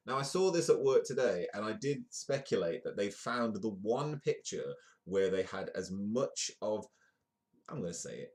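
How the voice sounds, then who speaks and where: A man's voice: on the low side, big pitch swings, moderate pace, darkish tone. A man hosting a comedic live news show, reading newspaper stories aloud and breaking off for jokey asides. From United Kingdom. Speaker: host.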